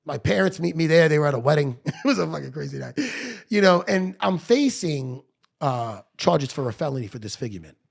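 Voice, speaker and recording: Gravelly, profane New man telling stories. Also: a little high, fairly quick. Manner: profane, animated, blunt. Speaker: podcast guest. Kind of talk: storytelling in conversation. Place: podcast studio.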